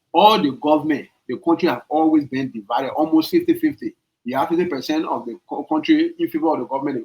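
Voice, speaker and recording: A podcast host with a Liberian accent and a mid-range voice offers opinionated political commentary in a low-quality recording. He repeats himself emphatically and poses rhetorical questions.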